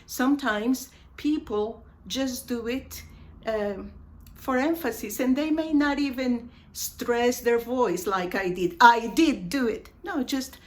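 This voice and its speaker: A woman teaches an English class in an unhurried way. Her voice sits a little high, and she says each example phrase twice so the class can follow. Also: expressive. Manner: repeats example phrases slowly for emphasis. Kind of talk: bilingual English lesson.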